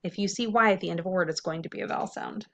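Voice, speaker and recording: A woman's voice: fairly low pitch, creaky. Friendly woman teacher sounding out words. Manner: slow, drawn-out syllables when sounding out words; friendly, encouraging. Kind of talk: phonics lesson for children.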